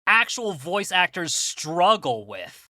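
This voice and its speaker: Slow-talking, bright-voiced podcast man. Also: sits high, big pitch swings, no room sound, clean studio sound. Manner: laughing, self-deprecating, trailing off. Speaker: podcast co-host. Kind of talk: casual chat.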